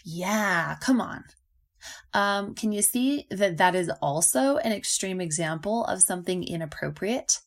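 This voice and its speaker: A woman's voice: mid-range voice, gravelly. A woman hosting a podcast as a nutrition coach, talking casually and animatedly, acting out inner voices and laughing often.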